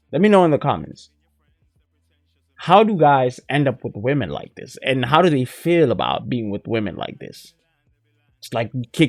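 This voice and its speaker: A man's voice: medium pitch, no echo. A man hosting a reaction channel, talking casually to his viewers and asking them questions. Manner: casual, addresses viewers as guys and bro. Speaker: commentary channel host. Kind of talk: reaction commentary.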